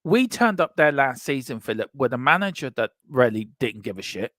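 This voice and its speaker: A man co-hosting a casual fan chat show, reading out comments in an animated, joking way and repeating himself for emphasis. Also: medium pitch, a little fast, no room sound, clean studio sound. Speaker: co-host of a fan channel show.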